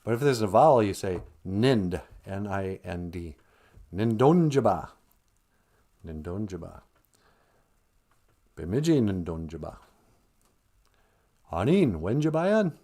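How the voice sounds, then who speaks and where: Lively Upper Midwest man teaching words. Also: lowish voice, slow, long pauses. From Minnesota. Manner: chuckling, reads viewer comments aloud, spells words out. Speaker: livestream host teaching Ojibwe. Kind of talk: casual livestream chat and language lesson.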